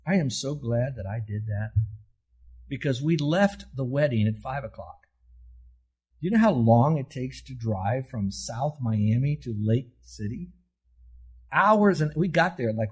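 An older man preaches an animated sermon, his voice a little husky. He asks his listeners questions and answers them himself, leaning hard on key words. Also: mid-range voice. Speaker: pastor.

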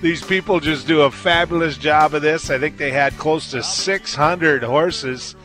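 A man's voice: fairly high pitch, unhurried, fairly bright tone, faint music behind. A man co-hosting a radio show from a community event. He tells jokey stories and laughs as he goes. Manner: jokey storyteller, laughs mid-sentence. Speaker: radio co-host reporting on location. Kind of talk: casual on-air chat, remote broadcast.

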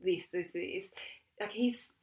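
A woman's voice: mid-range voice, takes it slowly, a little mellow. A woman in her thirties, a comedian reacting emphatically in casual chat as co-host.

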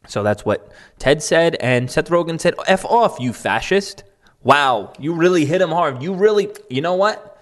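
A man's voice: a little high, normal speed. A man talking as a political commentator in casual, rambling commentary, sarcastic and mocking, with many fillers like "um" and "like". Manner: sarcastic and mocking, sometimes laughing. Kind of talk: casual commentary reading out online posts.

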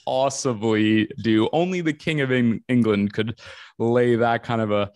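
A man's voice: medium pitch, a little slow, a little mellow, no echo. A man who is a guest on a podcast, telling a story in an easygoing, casual way.

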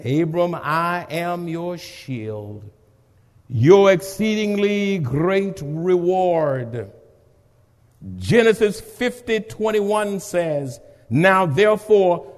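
A man's voice: high-pitched, expressive, extremely slow, in a large hall. A pastor preaching a sermon and reading scripture aloud, with dramatic call-and-response to his congregation.

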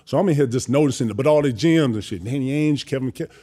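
A man telling stories casually, animated and profane, acting out other people's voices. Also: medium pitch, fast, husky. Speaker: guest storyteller. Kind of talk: casual storytelling.

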